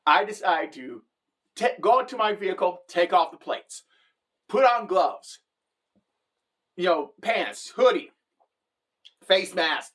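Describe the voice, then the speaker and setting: A woman's voice: on the low side, animated, slow pace, pauses often, a bit bright. A middle-aged woman telling a comic story in a wry, rambling way, with crude language and many side remarks. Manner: wry, profane, rambling asides. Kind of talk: comedic storytelling monologue.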